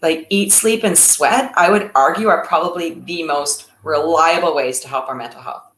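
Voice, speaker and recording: A woman's voice: sits low, moderate pace, fairly bright tone, reverberant, poor audio. A woman co-hosting a casual talk on mental health in a reflective, encouraging way. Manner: reflective, encouraging, speaks in lists. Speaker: co-host.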